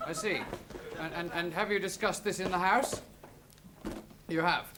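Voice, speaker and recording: A man's voice: sits high, steady tone, a little slow. A man playing a flustered, stammering current-affairs TV presenter in a 1960s TV sketch. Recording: hissy old TV recording.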